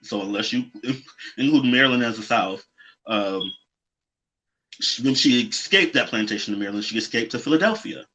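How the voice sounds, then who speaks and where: A man's voice: mid-range voice, animated, moderate pace, sharp tone. A man co-hosting a drag show, talking casually and emphatically, sometimes giving little history lessons. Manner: emphatic, lecturing asides, laughs along. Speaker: podcast co-host. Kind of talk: casual chat. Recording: dull lo-fi audio.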